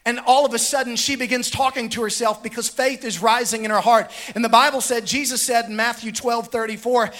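High-voiced man preaching with fervor. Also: steady tone, brisk, hardly any pauses. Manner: impassioned preaching, rhythmic repetition, rising to shouts. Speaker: pastor. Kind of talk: sermon. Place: church sanctuary with congregation.

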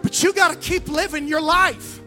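A woman pastor preaching a fervent sermon, calling on the crowd to answer back, with a sing-song, drawn-out phrasing. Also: very high voice, fairly even intonation, sharp tone, faint music behind. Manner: emphatic preaching with call-and-response.

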